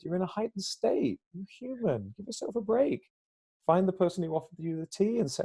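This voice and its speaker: Podcast guest, male, mellow dark tone, reflective explainer. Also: on the high side, lively intonation, fast, slightly rough. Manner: reflective, explains ideas at length, acts out little quoted exchanges. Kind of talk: conversational podcast talk.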